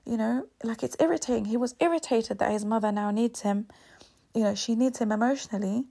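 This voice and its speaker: A woman's voice: fairly high pitch, a little fast, creaky, dark tone. A woman giving an earnest, emphatic commentary monologue, repeating her points for stress.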